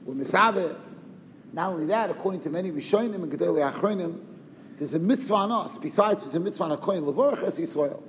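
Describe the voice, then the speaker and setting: A man's voice: high voice, animated, fast talker. A man giving a Torah lecture, firing off rhetorical questions and sprinkling in Yiddish and Hebrew terms. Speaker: Torah teacher. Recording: roomy reverb, dull lo-fi sound, faint noise.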